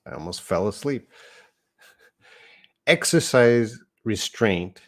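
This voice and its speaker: A deep-voiced man teaches English live online, going slowly through each word. He sounds middle-aged and patient, and he stops to correct himself before moving on. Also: a bit bright. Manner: patient, explains words step by step, corrects himself.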